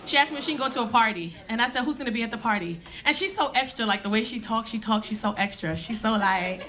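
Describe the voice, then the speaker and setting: A woman's voice: fairly high pitch, fast, bright, forceful tone. A woman in her forties doing a brash, profane stand-up set on a comedy club stage. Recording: live club crowd laughing.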